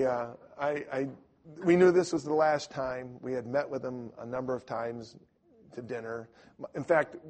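A middle-aged man preaching a sermon with a husky voice, telling stories and acting out the voices in them. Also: mid-range voice. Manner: animated storyteller who acts out voices in his stories. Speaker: preacher or Bible teacher. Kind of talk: storytelling sermon to a live audience.

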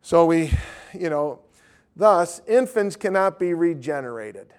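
Man teaching bible study, kinda high voice, stops and restarts a lot, reads verses out. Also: animated, clean tone. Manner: halting, with many restarts and fillers, reads scripture aloud.

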